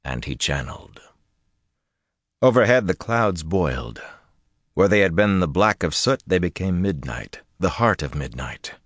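A man narrating a fantasy audiobook in a measured, intense storytelling manner. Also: deep voice, very animated, dry recording, studio quality.

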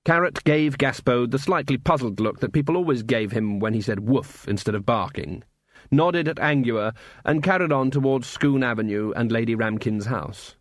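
A man narrating a novel as an audiobook in a measured, expressive way. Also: mid-range voice, dry recording. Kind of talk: scripted narration. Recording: dry close studio sound.

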